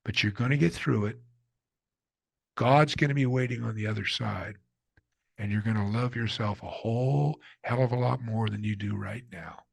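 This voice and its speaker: A man putting on a soft-spoken Southern factory hand, low and husky with a slow folksy drawl. He talks plainly and kindly, close and dry with no room sound. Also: no room sound. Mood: earnest. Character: gruff kind Southern factory worker, man.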